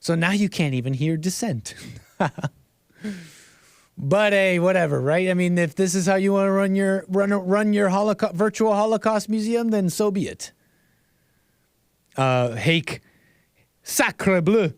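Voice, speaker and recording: Guy doing loose stream commentary, kinda high voice, dry close sound, rambles and chuckles a lot. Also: normal speed, clear, resonant tone, dry recording. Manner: rambling, restarts phrases, tags sentences with "right?"; chuckles between remarks. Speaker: livestream host. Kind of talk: casual livestream commentary.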